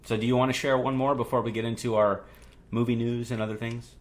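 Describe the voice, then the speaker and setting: A man's voice: mid-range voice, flat delivery, quick pace, slight background noise. A man co-hosting a casual podcast, recapping movie scenes and laughing often. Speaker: podcast co-host. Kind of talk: casual chat.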